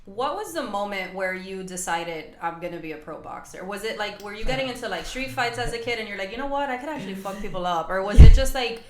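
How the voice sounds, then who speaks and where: Fast, casual woman podcast host. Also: mid-range voice, lively intonation. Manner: casual, swears, uses "like" often. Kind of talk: casual interview questions. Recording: roomy echo with faint noise.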